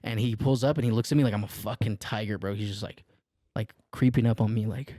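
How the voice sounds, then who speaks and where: A man's voice: lowish voice, steady tone, fast, mellow, no echo, studio quality. A young man co-hosting a podcast, telling a long story in a casual, rambling way full of filler words. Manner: laid-back, rambling, heavy use of filler "like". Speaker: podcast co-host.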